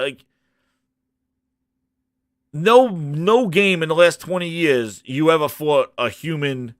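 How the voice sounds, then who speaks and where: A man rants about a show, his high voice swinging all over the place. He mocks it with squeaky, shouted questions, and his bright tone sits dry and close to the mic. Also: dry recording. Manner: animated, mocking, shouts high-pitched "who this?". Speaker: gaming channel host. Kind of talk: ranting show reaction.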